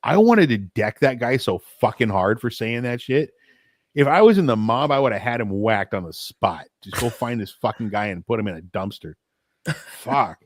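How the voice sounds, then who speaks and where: A man's voice: mid-range voice, expressive, moderate pace, no echo. A man co-hosting a casual late-night podcast, telling stories in a blunt, profane way. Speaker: podcast co-host.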